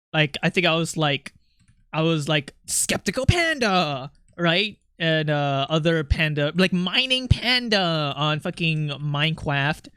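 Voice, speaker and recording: A young man chats to his viewers while he draws on stream, wandering from story to story with plenty of laughs. His voice sits high and bright. The sound is close and dry, with no room around it. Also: smooth, dry recording. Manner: rambling, animated, quick to laugh, chatting with viewers. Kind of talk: casual livestream chat while drawing.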